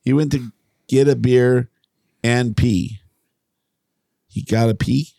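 A man's voice: mid-range voice, steady tone, slow pace, gravelly, dark tone, no room sound, clean studio sound. A man co-hosting a podcast in casual banter, joking and rambling with lots of restarts. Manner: joking, rambling, self-interrupting. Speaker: podcast co-host.

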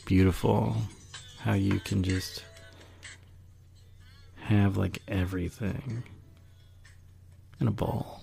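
A man's voice: fairly low pitch, vocal fry, warm tone, slightly rough. A man hosting a solo podcast, talking in a rambling, reflective way with sighs and small laughs. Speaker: podcast host. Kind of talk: casual solo podcast monologue.

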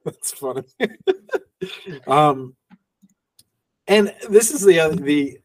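A man's voice: on the high side, sing-song, extremely slow, no room sound, recorded from a distance. A man co-hosting a movie podcast in casual chat, rambling and laughing often as he acts out little quotes. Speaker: podcast co-host.

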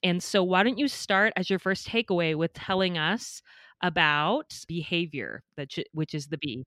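A woman hosting a podcast interview, speaking in a warm, enthusiastic way. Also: on the low side, moderate pace, dry recording. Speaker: podcast host.

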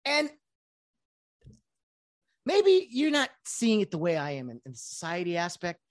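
A woman's voice: on the low side, huge pitch swings, a little fast, a little mellow. A woman ranting casually to viewers about sports, rambling with many restarts and asides. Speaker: sports commentator.

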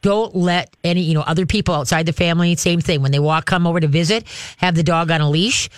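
A man's voice: fairly high pitch, steady tone, clear, resonant tone, no room sound, studio quality. Chatty radio host man giving dog advice. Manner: chatty, halting restarts, acts out dog and owner voices. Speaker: radio call-in show host, dog trainer.

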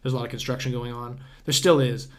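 A young man talks in a mid-pitched, everyday voice as a guest on a casual podcast. He rambles and circles back, drops "dude" and "bro" into most sentences, and swears without thinking about it. The feel is relaxed and conversational, like a story told to a friend. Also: quick pace.

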